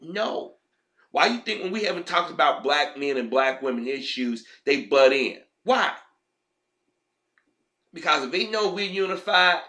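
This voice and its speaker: A man's voice: medium pitch, pushed and bright. A man ranting in heated, profane commentary as a vlogger.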